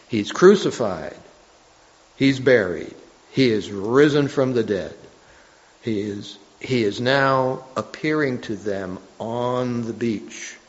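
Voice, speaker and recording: A man preaching a sermon, reading scripture slowly and emphatically, with frequent restarts. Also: mid-range voice. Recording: dull lo-fi recording.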